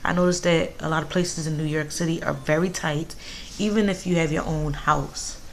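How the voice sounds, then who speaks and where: Low-voiced Philly woman, casual storytime. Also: steady tone, normal speed, slight background noise. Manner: candid, chatty, occasional cursing. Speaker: vlogger. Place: home, indoors.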